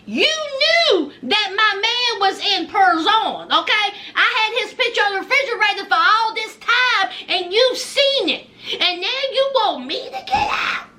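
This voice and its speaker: A woman's voice: very high-pitched, sing-song, measured pace, pushed and bright, full character voice. A woman voicing a distraught woman being thrown out of her home, who argues back and then refuses to talk. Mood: indignant. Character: upset, defiant woman being evicted.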